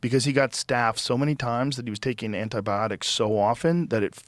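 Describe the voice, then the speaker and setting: Middle-aged male podcast host, medium pitch, dry close-mic studio sound, chatty storyteller. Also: brisk, dry recording. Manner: tells lively anecdotes, reads facts aloud. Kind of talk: casual podcast conversation.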